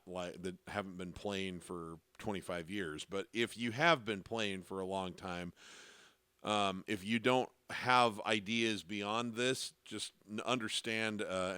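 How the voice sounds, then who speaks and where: A man teaching piano in a relaxed, explanatory way, counting beats aloud as he plays. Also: fairly low pitch, measured pace, clean tone, no echo. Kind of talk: casual piano lesson with sung demonstrations. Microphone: studio dynamic microphone. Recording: piano playing loudly under the voice. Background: loud piano.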